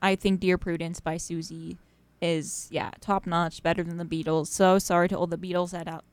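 A young woman chats loosely between songs on a college radio show, full of fillers and easy laughs. Her voice is smooth and resonant. The studio sound is dry and close. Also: on the low side, flat delivery, normal speed, no echo. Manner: chatty, rambling, laughs often, many fillers.

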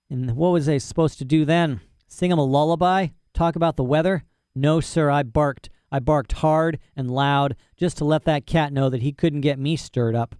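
An audiobook narrator with a warm, smooth, medium-pitched voice tells a first-person story in a folksy, boastful manner using rural dialect grammar. The recording is dry and studio quality.

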